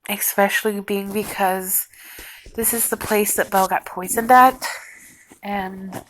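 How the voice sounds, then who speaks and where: A young woman talking softly and haltingly in a personal vlog at home, close to tears. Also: medium pitch, steady tone, slight background noise, poor audio. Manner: soft, halting, on the verge of tears. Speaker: vlogger. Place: a house, indoors.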